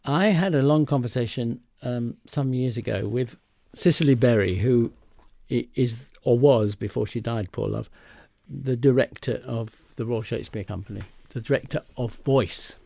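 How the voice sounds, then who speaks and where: An older theatre director talks thoughtfully in a radio interview and taps out rhythms with his voice as he explains. His voice is gravelly and mellow. The recording is close and dry. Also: medium pitch, moderate pace, dry recording. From trained in England. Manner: thoughtful, demonstrates rhythm aloud. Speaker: theatre director and actor, guest.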